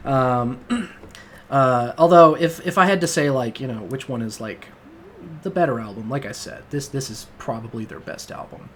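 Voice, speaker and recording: A man talks through his favorite album in a loose, rambling way. He swears often and fills his sentences with ums and likes while he gushes. His voice sits at an ordinary middle pitch, with a faint hum of ambient noise behind him. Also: normal speed, fairly bright tone. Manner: rambling, profane and enthusiastic, many fillers. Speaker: music podcast host. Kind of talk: casual album review monologue.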